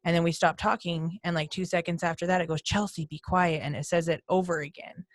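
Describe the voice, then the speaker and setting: A woman's voice: fairly low pitch, level tone, brisk, dry recording. A woman guest on a podcast, telling her ghost hunting stories in a chatty way and mimicking voices from her recordings. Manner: chatty, retells events and mimics voices heard on tape. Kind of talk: casual podcast storytelling.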